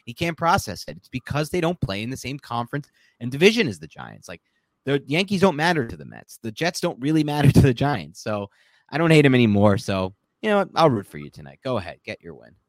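A man hosting a casual sports talk show, opinionated and animated, laughing now and then mid-sentence. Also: mid-range voice, fairly quick, no echo. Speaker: sports podcast host.

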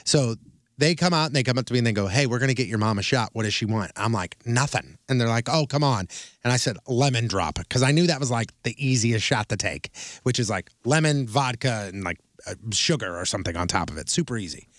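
A man with a St. chats on a radio show and tells stories with energy, throwing himself into every quote. His voice is medium in pitch. It sits close on a dry studio mic with no room sound. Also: fairly quick, no echo. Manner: animated storyteller, acts out quotes. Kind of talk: casual banter.

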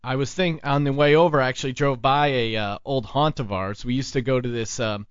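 A man's voice: mid-range voice, fairly even intonation, fairly quick, clear, resonant tone, dry recording, lo-fi sound. A man hosting a casual talk show, telling rambling stories with plenty of restarts. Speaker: podcast host. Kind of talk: casual chat.

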